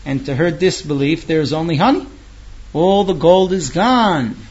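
Male storyteller, lively with dramatic pauses, high voice, dull lo-fi recording. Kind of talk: oral storytelling.

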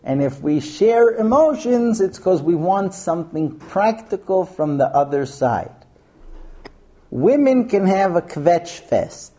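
Storytelling man lecturing with mellow warmth. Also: high voice, sing-song, slow. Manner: storytelling, acts out quotes, numbered points. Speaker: speaker giving a talk on marriage. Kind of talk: humorous lecture to an audience.

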